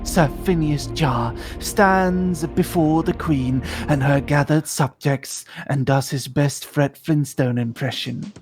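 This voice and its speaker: A woman streaming a game, narrating an interactive story in a lively, quick casual way. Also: low-pitched, soft background music. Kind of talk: casual narration of a choose-your-own-adventure.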